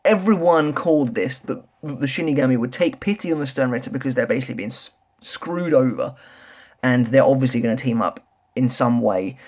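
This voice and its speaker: A young man reviewing a manga chapter in a casual, rambling, excitable way, full of restarts and filler words. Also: medium pitch. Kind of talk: casual solo review chat.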